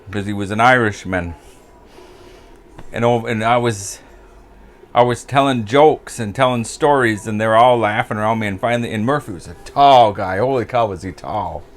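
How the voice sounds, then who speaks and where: A lowish-voiced older man from the U.S. chats at a moderate pace, rambling through stories from the pub for his vlog. He chuckles as he goes and keeps forgetting names.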